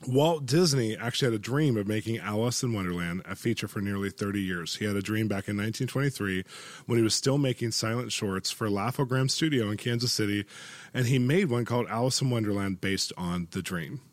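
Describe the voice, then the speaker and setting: A man's voice: fairly low pitch, fairly quick, dry recording. A man hosting a lighthearted interview, teasing his guest with quiz questions and laughing often. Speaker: interview host. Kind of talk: playful interview chat.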